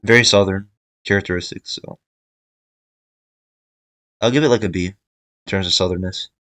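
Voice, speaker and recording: A young video creator ranks states in casual tier-list commentary, thinking aloud with fillers and restarts. His voice sits low and sounds bright and forceful at a normal speed, and the audio is poor, though without echo.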